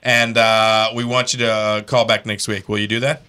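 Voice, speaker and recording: A man's voice: lowish voice, level tone, pushed and bright, clean tone. A man hosting a casual comedy talk show, teasing a caller and laughing often. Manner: joking, teasing, quick to laugh. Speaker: show host.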